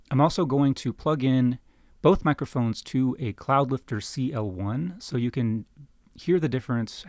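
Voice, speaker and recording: A man's voice: mid-range voice, no echo. A man casually demonstrating microphones, talking close between two broadcast mics at his desk in a chatty, self-deprecating way and putting questions to the listener. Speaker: microphone reviewer. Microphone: talking close between two broadcast dynamic mics.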